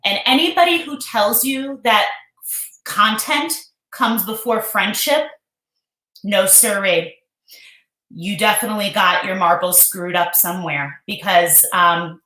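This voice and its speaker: A woman's voice: mid-range voice, unhurried, bright, forceful tone. A woman hosting a casual live stream, chatty and emotional, greeting viewers by name. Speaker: livestream host. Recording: echoey room.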